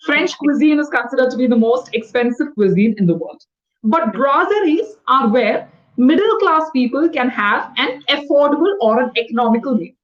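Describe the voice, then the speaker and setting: A woman tutoring English over a video call, explaining words quickly and patiently. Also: high voice, expressive, lo-fi sound. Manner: fast-talking, explanatory, patient. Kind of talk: one-on-one online English lesson.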